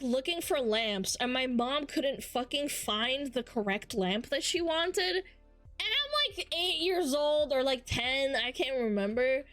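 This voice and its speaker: A young adult woman streaming, telling stories in casual chat with lots of swearing and an animated, chatty way of talking. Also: high-pitched. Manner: profane, animated storytelling.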